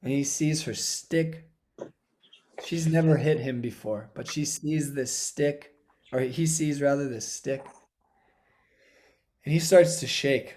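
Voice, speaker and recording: A man giving a devotional talk, telling a sacred story dramatically, swinging from hushed passages to intense ones. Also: mid-range voice. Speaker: spiritual speaker.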